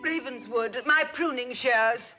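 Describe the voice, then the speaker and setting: A fussy snobbish society matron. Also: female voice, fairly high pitch, slow pace, music in the background. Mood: imperious. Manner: genteel, prim and fretful. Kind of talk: 1960s sitcom acting. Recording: dull old TV audio with laugh track.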